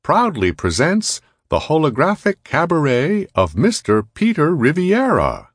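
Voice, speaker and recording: Man doing a formal disembodied announcer, pushed loud and high. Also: wildly swooping pitch, a little slow, breathy edge, dry recording, studio quality, exaggerated voice. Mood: grand. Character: disembodied restaurant announcer with a pronounced accent.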